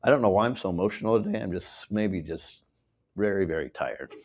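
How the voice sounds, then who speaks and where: American male host, lowish voice, emotional rambling live-audience speech. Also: expressive, brisk, darkish tone. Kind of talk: speech at a live tour event. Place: event hall with an audience.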